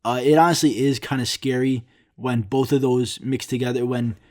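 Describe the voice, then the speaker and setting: A young man hosting a solo podcast, ranting in an exasperated, profane way and mocking other people with quick impressions. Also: medium pitch, steady tone, darkish tone. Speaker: podcast host.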